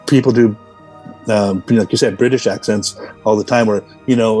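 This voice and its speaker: A man's voice: medium pitch, warm tone, poor audio. A man from Los Angeles, a character actor, telling rambling anecdotes with many fillers as a podcast guest. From Los Angeles, USA. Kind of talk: casual podcast interview.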